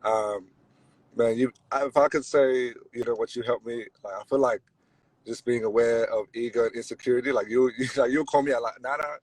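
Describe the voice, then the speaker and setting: A man's voice: mid-range voice, steady tone, fairly quick, darkish tone, no echo, low-quality recording. A young man from Australia, a podcast guest, chatting in a laid-back way with lots of fillers and laughs. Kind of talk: casual chat.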